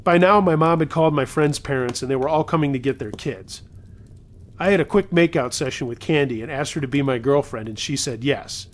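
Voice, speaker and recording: A man's voice: medium pitch, a little fast. A man reading submitted true scary stories aloud in a conversational way, with wry asides.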